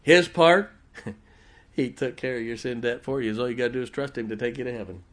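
A middle-aged man preaching a sermon in a folksy, humorous way, swinging from loud emphasis to quiet, intimate asides. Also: mid-range voice, steady tone, fast. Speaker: pastor.

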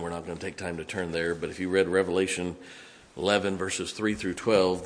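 A low-pitched, middle-aged pastor speaking with a West Virginian accent, being from West Virginia himself, preaches conversationally and folksily, tossing in asides and chuckling as he goes.

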